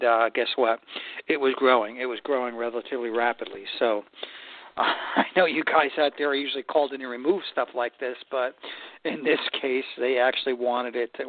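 A man with a gravelly, creaky voice hosts a trade advice show. He talks in a relaxed, folksy way and often repeats himself mid-thought. The sound is thin and tinny, like a phone line. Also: mid-range voice, no room sound. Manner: relaxed, folksy, repeats words while thinking. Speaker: host of a stone and tile advice show. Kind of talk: casual storytelling to listeners.

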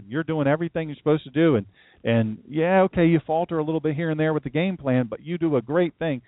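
A man's voice: fairly high pitch, no echo. Folksy male pastor preaching on a thin line. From downstate Delaware. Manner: folksy, conversational, rambling asides. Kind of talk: livestream sermon. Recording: dry, tinny phone-like sound.

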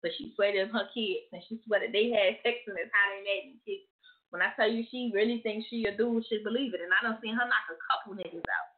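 A woman's voice: mid-range voice, fast talker. A woman co-hosting a call-in talk show, frank and profane in street slang. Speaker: co-host. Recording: tinny phone line.

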